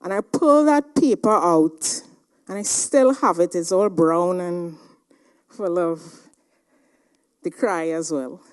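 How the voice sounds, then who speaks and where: A woman giving a motivational seminar talk, telling a personal story in a dramatic, animated way. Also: on the low side, takes it slowly, pauses often. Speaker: seminar speaker.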